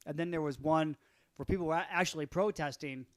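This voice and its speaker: A man's voice: fairly high pitch, brisk, no room sound. Rambling podcast guy with a cough. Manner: loose, rambling, profane storyteller. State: slight cough. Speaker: podcast co-host. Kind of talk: casual chat.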